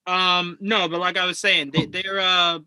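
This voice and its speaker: A man co-hosting a casual podcast, animated and laughing as he acts out quotes from the show. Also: high-pitched, unhurried, clean tone, dry recording. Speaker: podcast co-host. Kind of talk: casual chat.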